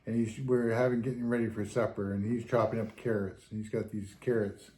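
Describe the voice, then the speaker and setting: Animated man in an echoey room. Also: fairly low pitch, fairly quick. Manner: animated, acts out voices in his stories. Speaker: podcast co-host, former fire captain. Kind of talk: casual storytelling chat. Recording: roomy, echoey room sound.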